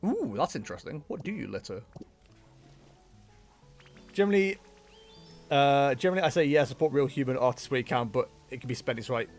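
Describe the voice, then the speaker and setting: A man's voice: medium pitch, fairly quick, long pauses, faint music behind. A man chatting casually and animatedly while streaming a game, talking to his viewers and to the game's characters. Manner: chatty, animated, laughs often, talks to chat and game characters. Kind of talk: casual livestream chat.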